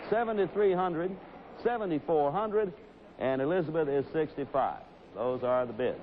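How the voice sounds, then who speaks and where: A man hosting a live TV game show, briskly rattling off bid numbers like an auctioneer. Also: on the high side, slight background noise. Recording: dull lo-fi 1960s broadcast.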